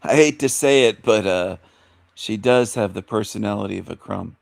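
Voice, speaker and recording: A man's voice: lowish voice, moderate pace, creaky, no echo. Rambling man hosting a talk show. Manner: rambling, repeats phrases, fires rhetorical questions. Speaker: radio show host. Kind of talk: opinionated monologue commentary.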